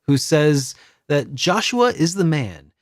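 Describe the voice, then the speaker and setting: A man's voice: a little high, sing-song, takes it slowly, no room sound, clean studio sound. A man co-hosting a casual video game podcast, talking in a rambling, hesitant way with many restarts. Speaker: podcast co-host.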